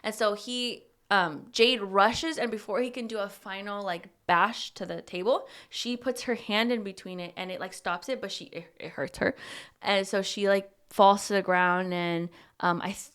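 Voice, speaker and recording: A woman's voice: mid-range voice, normal speed, clear, resonant tone. Young woman animatedly retelling a movie. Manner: animated storytelling, acting out lines, swears casually. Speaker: podcast co-host. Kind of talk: casual chat retelling a movie plot.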